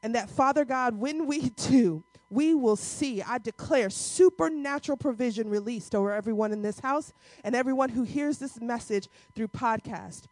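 High-voiced woman preaching a sermon. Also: moderate pace, dry recording. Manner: rousing call-and-response preaching, drops to soft intimate tones. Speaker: pastor. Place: church sanctuary.

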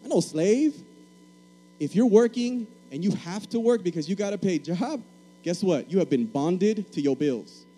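A man's voice: high voice, animated, normal speed, warm tone, low-quality recording. A man from Puerto Rico preaching a sermon, emphatic and repeating key phrases, calling for answers from the congregation.

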